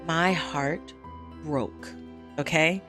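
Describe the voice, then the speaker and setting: A woman in her thirties tells a story in an animated, casual vlog style. She jumps up in pitch whenever she quotes other people. Faint music plays underneath her voice. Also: very slow. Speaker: vlogger.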